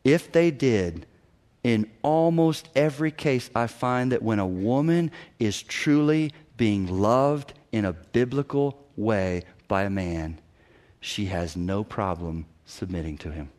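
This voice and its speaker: A middle-aged man preaching a sermon as a pastor, animated, often acting out other people's voices and breaking into sudden loud bursts. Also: on the low side, takes it slowly.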